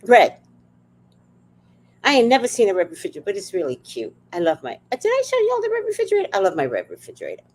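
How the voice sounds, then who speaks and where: A woman's voice: mid-range voice, racing, few pauses. A woman hosting a livestream, telling stories in a loose, chatty way. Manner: chatty, animated storytelling. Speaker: livestream host. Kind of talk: casual chat.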